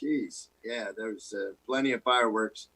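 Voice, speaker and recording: Husky-voiced man in easygoing chat. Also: medium pitch, moderate pace, bright, forceful tone, rough recording. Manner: laid-back storyteller, playful impressions. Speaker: podcast co-host. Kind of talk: casual chat.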